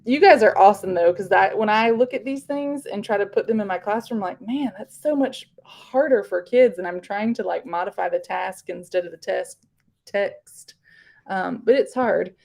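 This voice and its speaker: Chatty woman with a gravelly edge. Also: medium pitch, moderate pace, a little mellow. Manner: chatty, rambling with frequent fillers. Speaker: teacher leading a workshop. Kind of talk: casual live online presentation.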